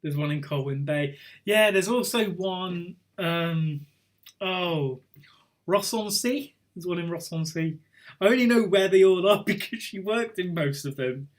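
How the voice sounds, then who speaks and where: Hosting a live online pub quiz, a young man speaks in a high, unhurried voice. He's chatty and rambling between questions, wandering off topic and chuckling as he goes.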